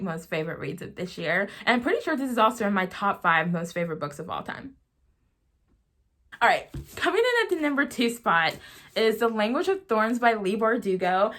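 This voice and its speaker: A woman's voice: mid-range voice, fairly bright tone. A young woman reviewing her favorite books in a casual vlog, gushing and giggling, with lots of "like" and "oh my gosh". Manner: gushing, giggly, heavy use of "like". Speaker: book vlogger.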